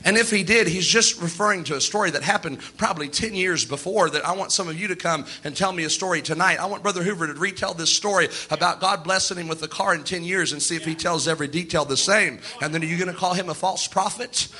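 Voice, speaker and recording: High, bright-voiced male preacher. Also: quick pace, few pauses, breathy edge. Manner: emphatic, acts out quotes. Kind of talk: sermon.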